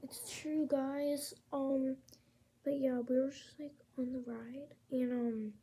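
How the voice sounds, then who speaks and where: A woman's voice: high-pitched, level tone, slow, mellow, slightly rough. A young woman telling a casual bedtime storytime, full of fillers and often slipping into a whisper. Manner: chatty, many fillers, often drops to a whisper. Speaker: vlogger. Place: home at night.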